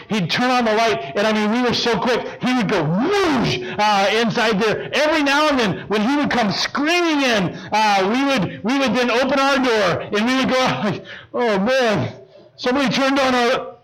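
High-voiced man telling a lively story. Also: low-quality recording. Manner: animated, with sound effects and laughter. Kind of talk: humorous personal storytelling.

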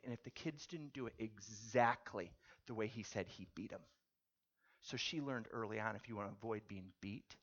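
A male pastor delivering a sermon through a story, asking his listeners questions along the way. His voice sits at a mid-range pitch, and his delivery is animated. The recording sounds dull and lo-fi. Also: vocal fry, breathy edge.

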